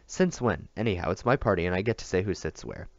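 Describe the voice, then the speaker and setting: A man voicing a spoiled, angry young girl in a storybook reading, shrill and indignant. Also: lively intonation, fast talker, a little mellow, dry recording, lo-fi sound.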